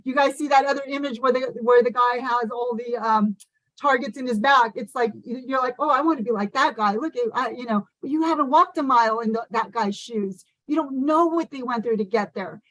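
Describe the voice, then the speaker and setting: A woman giving a fast, passionate motivational talk over a video call, full of "like" and "you guys.". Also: on the high side, fairly bright tone, dry recording, low-quality recording. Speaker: motivational speaker at an online conference. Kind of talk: motivational speech.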